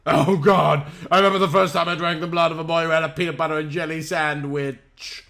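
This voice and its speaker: A man voicing a dramatic young male vampire in a dark, put-on vampire voice. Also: a little high, little pitch movement, brisk, gravelly. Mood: panicked.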